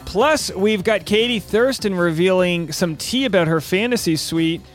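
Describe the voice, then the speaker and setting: A man's voice: high-pitched, moderate pace, soft background music. A man hosting a casual news podcast, chatty and upbeat, who laughs easily. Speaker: podcast host and stand-up comic.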